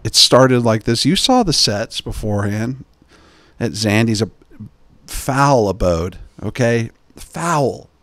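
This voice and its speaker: Casting note: male podcast host, mid pitch, meandering comic storyteller, dry booth sound. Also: animated, slow, a bit bright, dry recording. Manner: digressive, joking, mimics people in quoted asides. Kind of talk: rambling comedic podcast chat.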